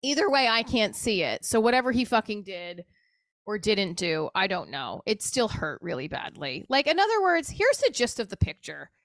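A woman's voice: mid-range voice, sing-song, normal speed, fairly bright tone, no echo, clean studio sound. A woman talking candidly and emotionally in a rambling personal monologue, swearing casually as she goes. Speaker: show creator talking to camera.

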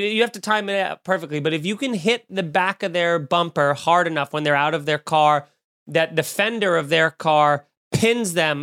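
A man hosting a podcast, ranting with jokes and swearing in casual chat. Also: fairly high pitch. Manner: animated, profane, joking rants. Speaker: podcast host. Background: eating and drinking at the mic.

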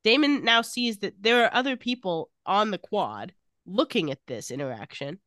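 Here a woman co-hosting a podcast casually recounts a TV episode, quoting characters as she retells the scenes. Her mid-range voice is expressive and fairly bright at a normal pace, on a dry, clean studio recording.

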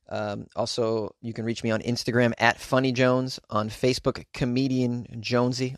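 A man's voice: mid-range voice, no room sound, studio quality. A man hosting his own podcast, chatting casually with sarcastic asides and plenty of fillers. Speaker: podcast host. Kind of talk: casual solo podcast chat.

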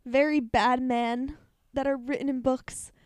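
A young woman with a fairly high voice talks in a brash, bawdy way and swears freely. It is a casual podcast chat, recorded dry and close with no room sound. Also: fairly even intonation, a little slow, darkish tone, clean tone, dry recording. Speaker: podcast co-host.

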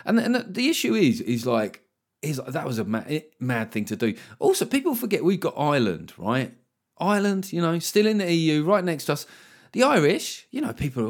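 A man hosting a solo podcast, ranting about politics in an animated, sweary, mock-incredulous way. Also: medium pitch, a little fast. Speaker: podcast host.

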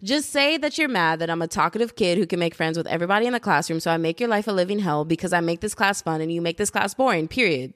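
A woman's voice: lowish voice, animated, fast, few pauses, fairly bright tone, no room sound, studio quality. Chatty young woman podcasting solo. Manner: chatty and rambling, laughing at herself, lots of "like" and "y'all". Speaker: podcast host. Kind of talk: casual solo podcast chat. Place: under a blanket at home to cut echo.

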